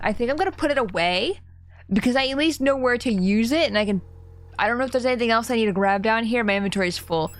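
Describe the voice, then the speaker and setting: Brief: young woman game streamer, mid-pitched voice, giggly and chatty, desk mic. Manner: giggly, chatty, easily startled. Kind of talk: casual live-stream commentary.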